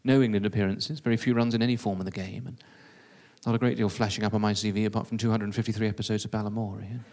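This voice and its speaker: A man's voice: fairly low pitch, little pitch movement, very fast, darkish tone. A man telling a comic first-person story in a self-deprecating, conversational way.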